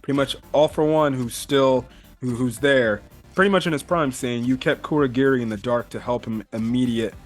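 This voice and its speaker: A man's voice: medium pitch, normal speed, faint music behind. A man casually recapping a comic chapter in a rambling way, full of fillers and the odd swear word. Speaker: manga reviewer.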